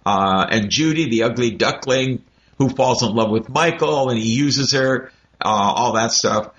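Opinionated man on dull lo-fi audio. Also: mid-range voice. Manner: animated and opinionated, quick bursts. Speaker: book club member. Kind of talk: casual book discussion.

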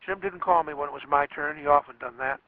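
A man reading as a plainspoken rural boy narrator in a Southern US rural dialect, with measured, folksy delivery. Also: on the high side, close to an everyday voice. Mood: plain. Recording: dry, tinny phone-like radio sound.

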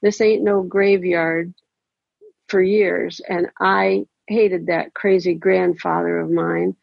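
A foul-mouthed older woman guards her land with coarse, snarling contempt, as a female storyteller puts her on. The voice is gravelly and husky, delivered slowly. It sounds like a storybook reading on a dull, lo-fi recording. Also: fairly low pitch, flat delivery, no echo, exaggerated voice. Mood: hostile. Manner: coarse, snarling rural talk.

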